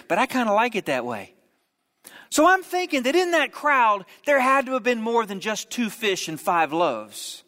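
A man preaching a sermon, telling a story with humorous asides and quick jokes. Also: very high voice, bright, forceful tone, in a large hall. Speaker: pastor.

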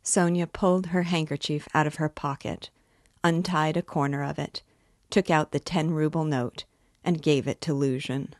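A woman narrating a novel aloud, calm and deliberate. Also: low-pitched, no room sound, clean studio sound. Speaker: reader. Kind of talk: audiobook narration.

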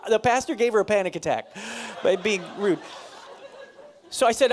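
Middle-aged male pastor, sermon delivery, fairly high pitch, chatty and self-deprecating. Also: brisk. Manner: conversational, self-deprecating, laughs often. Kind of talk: sermon with a personal story.

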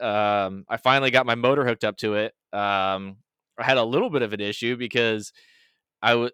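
Smooth-voiced man chatting casually. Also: mid-range voice, no room sound, clean studio sound. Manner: relaxed, rambling shop talk. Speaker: podcast host. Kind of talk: casual chat.

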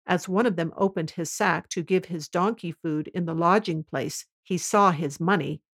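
A woman reading a scripture passage aloud in a solemn, measured way. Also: fairly low pitch, fairly bright tone. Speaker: scripture reader. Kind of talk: scripted narration.

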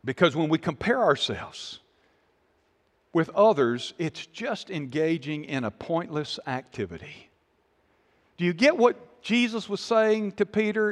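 Earnest and sing-song, a high-voiced man preaches a sermon as pastor, his voice ringing out over a long hall reverb. He uses repeated phrases and quick restarts to press his points, occasionally sinking into a low, soft tone.

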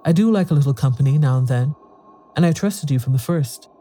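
A man's voice: medium pitch, lively intonation, a little fast, warm tone, natural voice. A man voicing a lonely, cunning old woman ghost with a quavering, whistling voice and a wistful, wheedling way of talking. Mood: pleading.

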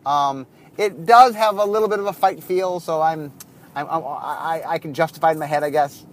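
A man's voice: on the high side, moderate pace. A man who designs card games, talking through his work in a casual monologue, often restarting and correcting himself mid-sentence.

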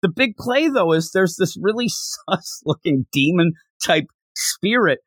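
Animated male anime-review host, voices the characters as he goes, lively pitch, dry sound. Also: dry recording. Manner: animated, acts out characters' lines in quick bursts. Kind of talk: casual chat.

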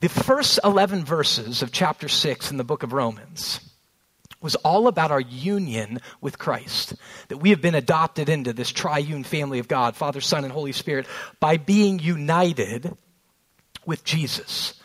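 A man in his thirties preaching a sermon, earnest, slowing down on key phrases and telling family stories along the way. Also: a little high, a bit bright, poor audio. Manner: storytelling with family anecdotes. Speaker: pastor.

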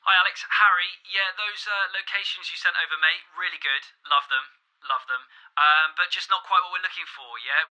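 A man's voice: high voice, moderate pace, bright, forceful tone. An actor playing a chummy male producer leaving a vague, breezy voicemail over a phone line.

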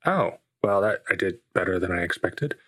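A man's voice: low-pitched, expressive, moderate pace, fairly bright tone, slightly rough, no room sound. A man playing a tabletop role-playing game, hesitant and thinking aloud with many fillers. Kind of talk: casual actual-play chat.

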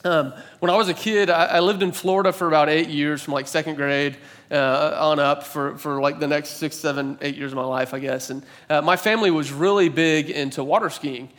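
A man in his thirties preaching a sermon, telling a personal story in a conversational, animated way with filler words. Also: fairly high pitch, a little fast. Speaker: pastor.

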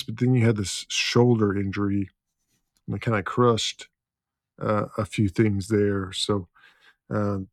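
A man hosting a casual interview, unhurried and reading out shared memories with frequent ums. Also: lowish voice, darkish tone, no room sound, clean studio sound. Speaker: podcast host.

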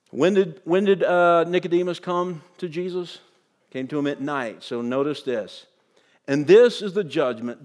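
A male pastor preaching a sermon, reading scripture aloud and breaking in with emphatic asides. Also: fairly high pitch.

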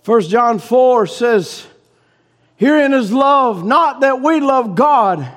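Male pastor, very high-pitched, delivers a sermon in shouting bursts with quiet dips. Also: animated, slow pace. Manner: shouting preaching cadence that drops low and soft. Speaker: preacher.

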